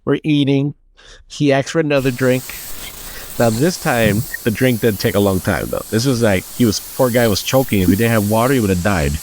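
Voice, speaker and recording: A man co-hosting a podcast, chatting casually and telling a story, acting out the people in it with lively changes of voice. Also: medium pitch, fairly quick, a little hiss or hum. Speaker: podcast co-host.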